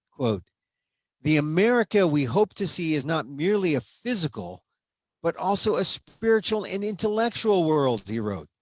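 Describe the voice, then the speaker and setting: A man reading aloud from a history book, measured and steady, stopping now and then for casual asides and small restarts. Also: on the high side, no room sound.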